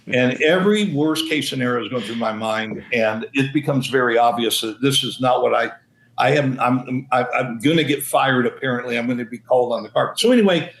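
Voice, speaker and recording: A man's voice: medium pitch, brisk, creaky, low-quality recording. Man in his sixties telling a story, chuckling. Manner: animated storyteller, chuckling, many restarts. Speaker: senior pastor. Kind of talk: storytelling in a podcast interview.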